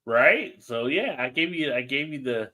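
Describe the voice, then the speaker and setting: A man's voice: medium pitch, lively intonation, a little slow, sharp tone. A man hosting a casual live-stream chat over a video call, joking around a little buzzed and reading out viewer comments. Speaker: host.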